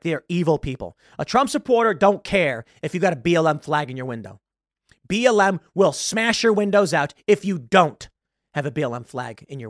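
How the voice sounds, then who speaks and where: A man's voice: a little high, no echo, studio quality. A man hosting a political commentary monologue, talking in an emphatic, argumentative way and correcting himself as he goes. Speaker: host.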